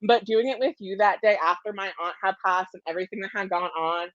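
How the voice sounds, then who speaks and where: A woman's voice: medium pitch, brisk, fairly bright tone, no room sound, lo-fi sound. A woman juror giving an emotional farewell speech over a video call, effusive and laughing, cursing freely, a little stoned. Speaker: jury member.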